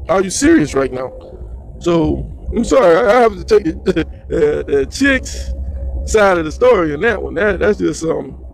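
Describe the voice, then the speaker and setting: Gravelly high-voiced man ranting casually. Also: slight background noise. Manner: slangy, rambling, animated. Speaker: news commentary host. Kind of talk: casual solo commentary.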